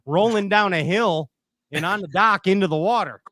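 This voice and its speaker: A man's voice: sits high, normal speed, bright, forceful tone, no room sound. A man hosting a casual fishing chat over a video call, teasing his guests and laughing often. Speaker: host.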